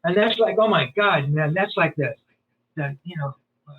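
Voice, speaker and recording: A man telling stories as a podcast guest in a rambling, animated way, full of fillers and restarts. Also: a little high, moderate pace, slight background noise. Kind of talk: storytelling in a casual interview. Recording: tinny phone-like line.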